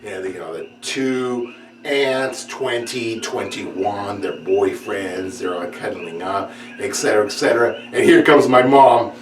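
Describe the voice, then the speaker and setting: A man telling a funny story from his childhood, laughing often and acting out the people in it with a high voice. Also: unhurried. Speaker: comedian. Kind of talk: sit-down comedy storytelling. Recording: roomy echo, distant mic, clear background noise.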